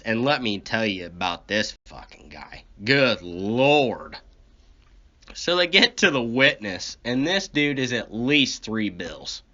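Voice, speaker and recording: Casting note: a slow, profane rambling storyteller, a man, on a muffled lo-fi recording. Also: medium pitch, bright, forceful tone. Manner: profane, ranting, complaining. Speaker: comedy podcast host. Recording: dull lo-fi recording.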